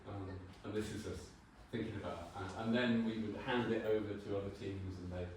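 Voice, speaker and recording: A man in his sixties gives a loose, wry conference talk as a designer and swears now and then for laughs. His voice sits fairly low. The mic is some way off in a big, very reverberant hall with faint ambience underneath. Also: fairly even intonation, brisk, a little mellow, slight background noise. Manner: wry, informal, swears for comic effect. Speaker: brand designer giving a talk. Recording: very echoey hall, mic far off.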